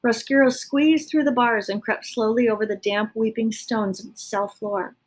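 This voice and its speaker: Brief: woman storyteller, husky and breathy, chatty between passages. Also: fairly high pitch, fairly even intonation, normal speed. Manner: chatty asides, self-correcting. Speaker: reader. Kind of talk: reading a children's book aloud.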